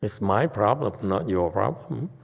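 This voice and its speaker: A gravelly-voiced man gives a dharma lecture in a blunt, argumentative way. His pitch swings widely from low mutters to sharp rises. The sound rings with a long hall reverb. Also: lively intonation, a little slow. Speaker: Buddhist teacher.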